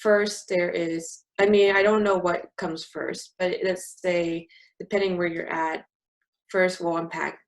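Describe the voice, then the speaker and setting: A woman's voice: lowish voice, little pitch movement, measured pace, low-quality recording. A young woman from California, talking candidly on a casual podcast with a sarcastic edge. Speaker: podcast co-host. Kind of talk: casual conversation.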